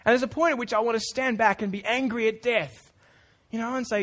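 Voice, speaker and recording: A man's voice: very high-pitched, fairly even intonation, fairly quick, a bit bright. A man preaching a sermon in a casual, earnest way, with informal asides to the congregation. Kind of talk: conversational sermon.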